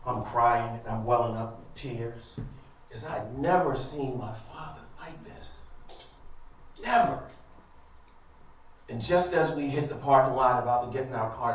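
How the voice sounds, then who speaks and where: A man's voice: mid-range voice, animated, unhurried, long pauses, a little hiss or hum. An American man in his fifties telling a personal story on a live stage, speaking conversationally and with emphasis, and addressing the audience directly. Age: 50s. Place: live event venue, large room. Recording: echoey hall, voice heard from a distance.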